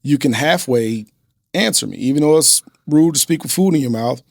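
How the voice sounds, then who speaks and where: A man's voice: medium pitch, expressive, moderate pace, creaky, no echo. A man with a mid-range voice speaking as a podcast guest. He tells stories earnestly and lays out lessons step by step, with ordinary fillers. The recording is dry and close. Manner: earnest, instructive storyteller with fillers. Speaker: guest, business owner and father. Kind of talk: casual interview chat.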